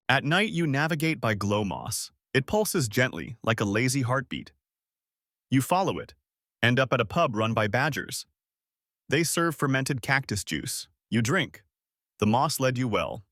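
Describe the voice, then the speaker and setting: Male narrator, dry deadpan read, animated pitch, no room sound. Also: dry recording. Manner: dry, clipped deadpan delivery in short sentences.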